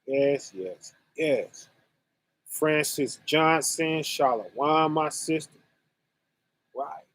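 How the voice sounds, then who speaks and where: A man hosting a religious online conference, teaching scripture casually and speaking slowly and deliberately to his chat viewers, often asking "right?". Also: a little high, expressive, a bit bright. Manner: slow and deliberate, addressing chat viewers directly; conversational, with frequent "right?" and "you know".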